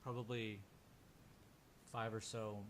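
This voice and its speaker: A man's voice: lowish voice, level tone, takes it slowly, fairly bright tone, a little hiss or hum. A man narrating as game master of a tabletop game, loose and rambling, with many restarts.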